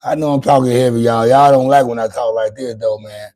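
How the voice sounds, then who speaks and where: A man's voice: medium pitch, fairly even intonation, a little fast, a little mellow. Rambling, profane man on a livestream. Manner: loose, profane, rambling talk with many restarts. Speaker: livestream host. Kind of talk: casual livestream monologue.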